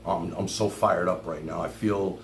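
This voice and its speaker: A man's voice: low voice, steady tone, normal speed, gravelly, a little hiss or hum. A man hosting a livestream, delivering an angry, profane rant. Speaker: livestream host. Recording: echoey room.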